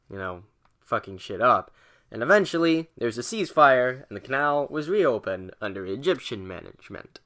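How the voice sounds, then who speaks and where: In a mid-range voice with a bright, forceful edge, a young student gives an irreverent, foul-mouthed spoken recap of history chapters. He performs quotes in mocking voices and stumbles along with fillers and restarts.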